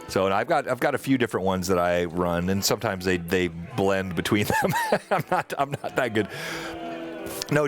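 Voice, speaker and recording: A man's voice: mid-range voice, a bit bright. A man hosting a live tabletop gaming talk show, rambling casually with many fillers while reading out chat comments. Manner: rambling, reads chat aloud, frequent fillers. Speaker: podcast host and dungeon master.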